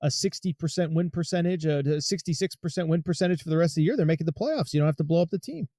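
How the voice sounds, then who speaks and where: A man co-hosting sports talk radio with quick, breezy banter. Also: on the high side, warm tone, no echo, clean studio sound.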